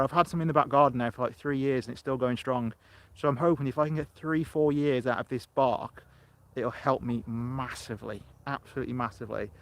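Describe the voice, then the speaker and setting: There's no room sound around this mid-range male voice. He's a middle-aged English allotment vlogger, casually rambling on a live stream into his phone camera outdoors while answering viewers.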